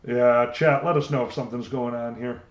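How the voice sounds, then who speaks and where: A man co-hosting a livestream, telling stories in an animated, casual way. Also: mid-range voice, fairly quick, roomy sound, lo-fi sound. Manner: animated storytelling. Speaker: livestream co-host. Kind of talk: casual chat. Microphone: desk microphone.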